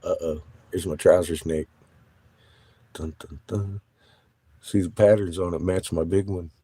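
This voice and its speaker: Inside an RV, a middle-aged man with a low, dark, slightly rough voice rambles casually about his rocks, swearing freely and growing excitable and conspiratorial as he points out shapes in them. He speaks unhurriedly, and the recording is dry.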